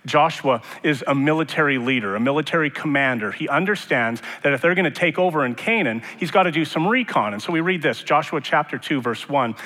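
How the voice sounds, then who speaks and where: A man's voice: medium pitch, a little fast, bright, forceful tone. A man preaching a sermon in a church, conversational, with joking asides. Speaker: pastor. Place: church sanctuary. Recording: long reverb of a sanctuary.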